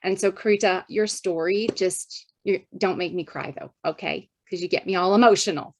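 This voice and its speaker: A woman's voice: on the low side, normal speed, no echo. A woman hosting a community video call, chatty and emphatic, laughing easily. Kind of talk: upbeat motivational call hosting.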